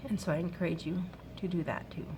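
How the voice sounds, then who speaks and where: A woman in her thirties giving an earnest, soft-spoken faith-based advice talk to other mothers. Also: on the low side, steady tone, fast, slight background noise. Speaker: mom sharing a workshop talk.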